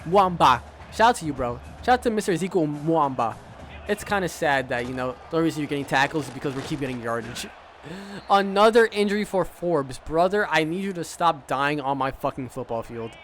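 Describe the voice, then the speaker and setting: A man's voice: fairly high pitch, animated, a little fast, fairly bright tone, a little hiss or hum. A man streaming a football video game, giving casual play-by-play commentary full of trash talk and swearing. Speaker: gaming streamer.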